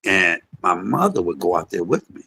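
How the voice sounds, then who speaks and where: Husky low-voiced man telling stories. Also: moderate pace. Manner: animated, loud imitations of his mother. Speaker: comedian and vlog host. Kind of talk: casual storytelling monologue.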